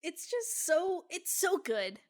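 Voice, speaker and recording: A woman's voice: extremely high pitch, big pitch swings, takes it slowly, dry recording, clean studio sound. A young woman co-hosting a podcast, chatting casually and profanely about a TV show and laughing often. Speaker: podcast co-host. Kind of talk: casual recap chat.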